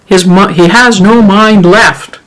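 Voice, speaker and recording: A storyteller voicing a stern, exasperated courtroom judge who questions slowly and deliberately. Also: mid-range voice, fairly bright tone.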